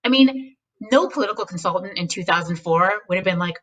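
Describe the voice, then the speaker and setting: A woman speaking as a guest, giving casual, animated advice on speechwriting and mimicking voices now and then. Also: mid-range voice, fast, hardly any pauses, recorded from a distance, poor audio. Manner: animated, acts out quoted voices, speaks frankly.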